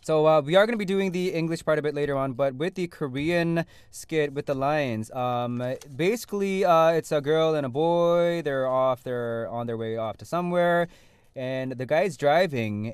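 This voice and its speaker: A man's voice: medium pitch, normal speed, smooth, dry recording. A man hosting a casual radio quiz chat in a studio, upbeat and laughing often. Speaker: radio host. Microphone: studio mic.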